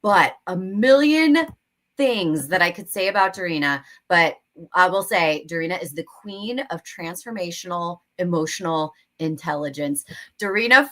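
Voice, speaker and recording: A woman's voice: mid-range voice, sharp tone. A woman hosting a livestream interview over a video call, gushing and enthusiastic, with lots of fillers. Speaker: host.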